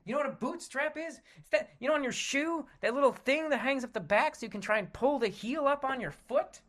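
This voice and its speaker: Very high-voiced and a bit bright, an American man talks briskly on his solo podcast. The rant is laced with swearing, and he keeps trailing off into self-corrections and fresh restarts.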